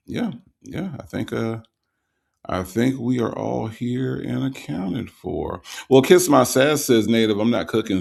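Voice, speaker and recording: A man hosting a livestream, reading out viewer comments and greeting each viewer in a relaxed, casual way with lots of ums, a little tired from the night before. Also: on the low side, gravelly. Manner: relaxed, greets viewers with repeated hellos, frequent ums and uhs.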